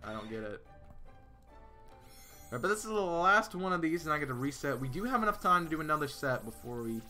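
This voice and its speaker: A man's voice: a little high, very animated, normal speed, bright, forceful tone, soft background music. A man streaming a game live, chatting casually with his viewers, with lots of fillers and restarts. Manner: chatty, answers chat, many fillers and restarts.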